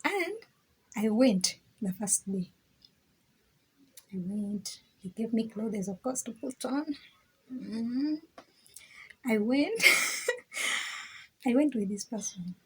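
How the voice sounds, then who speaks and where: A woman's voice: fairly high pitch, lively intonation, takes it slowly, pauses often, breathy edge, rough recording. A young woman vlogger telling a personal story in a chatty way, repeating words, laughing often and sometimes dropping to a whisper. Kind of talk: casual storytelling.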